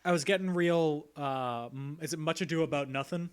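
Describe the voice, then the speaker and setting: A man's voice: a little high, brisk, clear, resonant tone. A man co-hosting a podcast, casually recapping and joking with light laughs. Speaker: podcast co-host. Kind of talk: casual chat.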